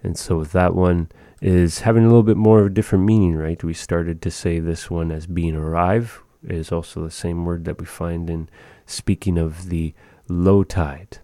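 Male language teacher, low dark voice, unhurried, dry close sound. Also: dry recording. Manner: relaxed, chatty, repeats words slowly. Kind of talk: casual language lesson.

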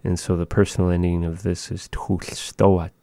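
A man giving a language lesson, thinking aloud in a slow, measured way with frequent pauses. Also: low voice, little pitch movement, dark tone, no room sound, studio quality. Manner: slow, measured, pausing often. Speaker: language teacher.

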